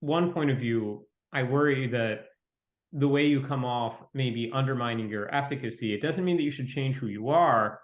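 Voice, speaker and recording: A man speaking as an interview guest, talking quickly in a fairly flat, reflective way. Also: medium pitch, highs cut off. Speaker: venture capitalist guest. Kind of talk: conversational interview. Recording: roomy echo.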